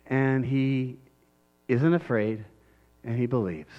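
A male pastor giving a conversational, animated sermon, often checking in with tag questions and acting out scenes. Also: mid-range voice, drawn-out words, long pauses, dull audio.

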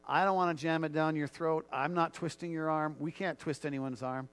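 A man's voice: a little high, fairly even intonation, moderate pace, fairly bright tone, clear, resonant tone. Earnest male pastor preaching. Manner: earnest, repetitive, frequent restarts. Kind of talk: sermon and prayer.

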